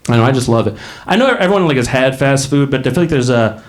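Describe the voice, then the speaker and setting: A man's voice: medium pitch, lively intonation, quick pace, crowd noise. A man in his late thirties doing a stand-up comedy set in a club, rambling and self-mocking, bursting into acted voices. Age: late 30s.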